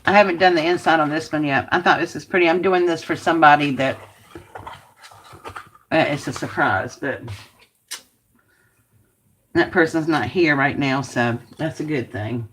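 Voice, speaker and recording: Low-ish woman talking through a craft project, grumbly and chatty, faint hiss behind. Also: normal speed, pauses often, fairly bright tone. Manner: chatty, talks to herself while working, grumbles. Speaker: craft video host. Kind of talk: casual live craft chat to viewers.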